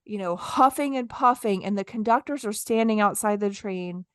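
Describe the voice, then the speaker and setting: A woman's voice: medium pitch, moderate pace, clear, resonant tone, no echo, clean studio sound. A woman in her thirties, co-hosting a podcast, telling a story in casual chat and acting out her own lines. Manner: animated, acts out her own lines in quotes. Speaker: podcast co-host.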